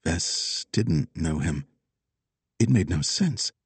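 A man narrating a crime story as an audiobook, with expressive, dramatic storytelling. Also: sits low, slow, breathy edge, dry recording.

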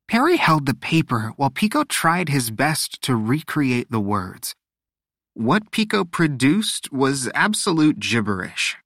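A man reads a storybook aloud in an expressive, measured voice. His pitch moves a lot as he tells it. The recording is dry and close, with no room sound. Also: no echo. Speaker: audiobook narrator. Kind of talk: scripted narration.

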